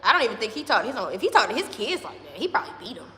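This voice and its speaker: A young woman recounts a story in an animated, emotional way, acting out other people's voices. Her voice sits fairly high, quick and bright. The sound is roomy, with a long hall echo. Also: soft background music. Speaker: daughter telling a childhood story. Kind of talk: casual storytelling chat. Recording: echoey roomy hall with faint noise.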